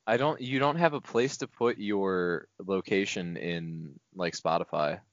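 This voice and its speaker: A man's voice: low-pitched, a little slow, no room sound, muffled recording. A young man co-hosting a casual podcast among friends, who laughs often and tells stories in loose, rambling bursts. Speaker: podcast co-host.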